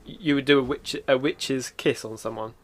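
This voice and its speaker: A man's voice: medium pitch, steady tone, normal speed, slight background noise. A man co-hosting a podcast, teasing his friends with incredulous questions. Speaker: podcast co-host. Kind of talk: casual banter.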